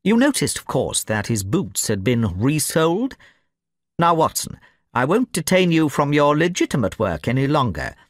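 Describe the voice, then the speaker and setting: Male reader as calm, formal sleuth, lively intonation. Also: on the high side, moderate pace, dry recording, clean studio sound, pitched above the performer's own voice. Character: shrewd male detective, calm and precise.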